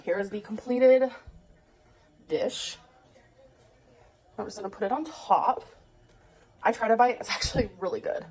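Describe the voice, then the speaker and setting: Her voice is fairly high yet darkish, measured in pace with long pauses, and stuffy from a cold. The woman chats and giggles to viewers as she cooks in her home kitchen for a vlog, captured on a rough recording.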